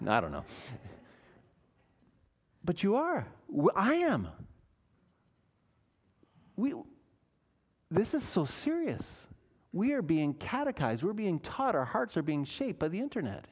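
Man, pastor, sermon, emphatic, lively intonation, slightly high voice. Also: slow pace, long pauses, breathy edge. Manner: earnest, emphatic preaching with rhetorical questions. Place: church.

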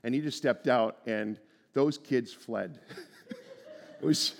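A male pastor preaching a sermon, earnest, moving between hushed and emphatic delivery and often repeating words as he starts a phrase. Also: mid-range voice, takes it slowly. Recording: long reverb from a large room.

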